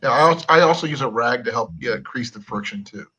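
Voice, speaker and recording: A man's voice: medium pitch, expressive, fast, pushed and bright, husky, dull audio. A man hosting a casual livestream, brief and matter-of-fact in what he explains. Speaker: show host. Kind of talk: casual chat.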